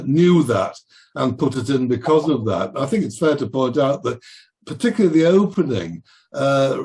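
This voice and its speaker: A man's voice: mid-range voice, darkish tone. An older man, a guest writer, talking in a casual podcast discussion, hesitant and full of restarts. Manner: hesitant, many restarts and fillers.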